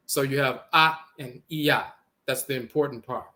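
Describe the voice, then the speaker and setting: A man's voice: medium pitch, fairly even intonation, normal speed, pushed and bright. A man giving an explanatory lecture, repeating words and sounding out letters as he teaches.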